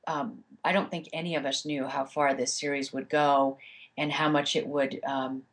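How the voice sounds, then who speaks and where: Low-voiced chatty woman narrator. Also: flat delivery, normal speed. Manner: chatty, many fillers and restarts. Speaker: audiobook narrator. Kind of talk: casual interview answers.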